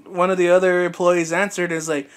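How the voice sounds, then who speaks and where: Podcast co-host, young man with a high voice; loose, swearing, laughing storyteller. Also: little pitch movement, fast talker, smooth. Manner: profane, laughing, acts out quoted voices. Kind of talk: casual chat, storytelling.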